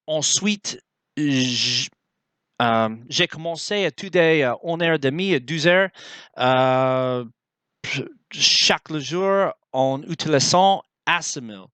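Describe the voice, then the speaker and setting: A young man talking casually to the camera in a vlog, halting, with many fillers as he searches for words. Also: a little high, fairly bright tone, clean tone, dry recording, poor audio. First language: English. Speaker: language learner.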